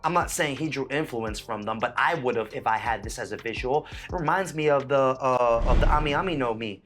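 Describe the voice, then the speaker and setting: Man, music reaction host, emotional, animated, mid pitch, faint music behind. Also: fairly quick. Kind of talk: excited reaction commentary.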